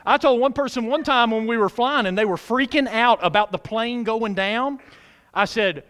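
This middle-aged pastor's voice sits high and is expressive, and he preaches a little fast. Throughout the sermon he poses questions to the congregation, answers them, and moves between loud exclamations and hushed asides.

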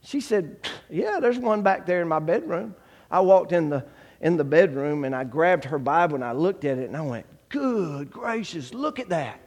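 A man giving a testimony sermon, acting out the dialogue in his story and swinging from hushed to shouting. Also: fairly high pitch, normal speed, big-room sound. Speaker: guest preacher giving testimony.

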